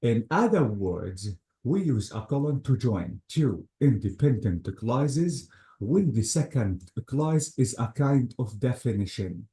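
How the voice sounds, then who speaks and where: A man's voice: medium pitch, very animated, slow, warm tone. A man teaching English grammar in a methodical classroom style, walking through examples step by step and leaning on words like "notice" and "absolutely". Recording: echoey room.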